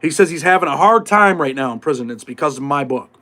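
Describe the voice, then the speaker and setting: Middle-aged male host, high voice, casual street talk, salty language. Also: animated, fast, pushed and bright. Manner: streetwise, swearing, acts out prison voices. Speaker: podcast host. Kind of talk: casual live-stream talk.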